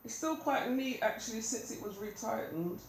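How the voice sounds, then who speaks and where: A woman's voice: on the high side, animated, normal speed, slight background noise. A woman from the UK with a cold, chatting in a rambling way with many ums as she gives a casual video update at home. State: has a cold. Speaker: vlogger. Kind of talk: casual hair update vlog. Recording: roomy home recording.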